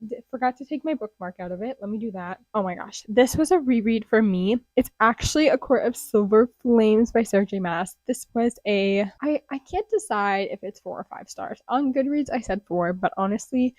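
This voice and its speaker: A young woman chatting casually about books she read, gushing and dropping into excited whispers. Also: medium pitch, normal speed, few pauses, dry recording. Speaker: booktuber. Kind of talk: casual book review vlog. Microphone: close desk mic.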